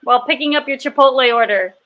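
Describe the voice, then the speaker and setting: Female improv comic, high bright voice, rambling jokey delivery with lots of fillers. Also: quick pace. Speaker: comedian panelist. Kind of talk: improv comedy.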